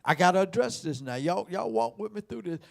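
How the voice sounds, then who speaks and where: A man preaching a sermon, emphatic, repeating words and swinging between shouts and quiet asides. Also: high voice, expressive, brisk, creaky.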